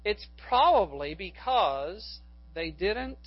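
A male pastor preaches at an unhurried pace, telling stories with self-corrections before building to fervent appeals. The recording is dull and lo-fi, with a dry sound and almost no room echo. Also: high voice, sing-song. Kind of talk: sermon.

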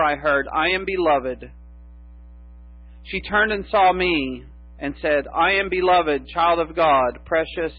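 Husky-voiced man preaching a sermon. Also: on the high side, no room sound. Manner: slow emphatic preaching with long pauses. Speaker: pastor. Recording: tinny phone-like sound with mains hum.

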